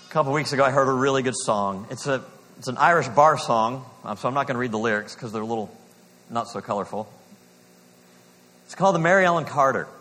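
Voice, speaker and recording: A man preaching a sermon in earnest, slowing down for emphasis and dropping to a hush on key lines. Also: mid-range voice, big-room sound. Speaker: pastor.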